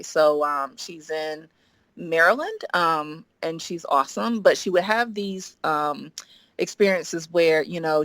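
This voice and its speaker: A woman guest on a podcast telling a story in animated chat, often acting out what she and others said. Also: sits low, no room sound. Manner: lively, quotes herself and others in acted voices, frequent "like".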